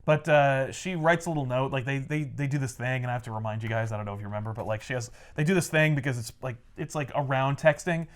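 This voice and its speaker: A man's voice: medium pitch, fast talker, hardly any pauses. A man in casual chat, retelling a comic story and acting out the characters' lines. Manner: animated, acts out characters' lines with voices. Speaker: podcast co-host recapping a comic.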